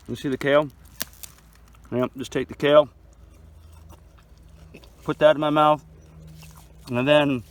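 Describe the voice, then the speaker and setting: Occasionally chewing as he talks, a man walks viewers around his outdoor farm garden in an easygoing, talkative way, calling them "dude" and "man." His voice is a little high, and the handheld phone recording is rough.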